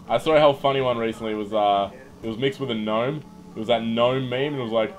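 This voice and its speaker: A young male streamer gives casual live commentary over a shooter game, cursing freely and yelping whenever things go badly. His voice is medium-pitched and brisk, and the audio quality is poor. Game music and gunfire play in the background.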